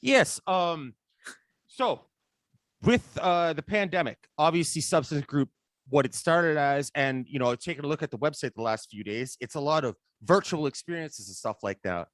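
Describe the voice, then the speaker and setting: A man hosting a podcast, chatting casually, excitable and profane, often restarting his sentences. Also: a little high, normal speed, no echo, clean studio sound. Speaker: podcast host.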